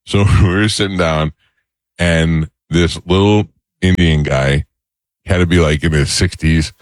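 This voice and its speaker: A middle-aged man hosting a radio show, telling a funny story in a lively chat and laughing as he goes. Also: sits low, unhurried, no echo.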